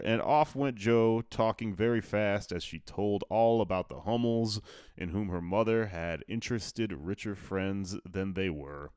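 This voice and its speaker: A man's voice: fairly low pitch, unhurried, darkish tone, smooth, no room sound, studio quality. A man reading a classic novel aloud in a casual way, tossing in offhand asides and fixing his own slips. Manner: offhand asides and self-corrections. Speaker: audiobook narrator.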